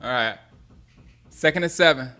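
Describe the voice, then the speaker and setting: A man from South Carolina hosting a casual live stream, chatting with viewers and reacting excitedly to plays as he reads comments aloud. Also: medium pitch, moderate pace. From Gaffney, South Carolina. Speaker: sports livestream host.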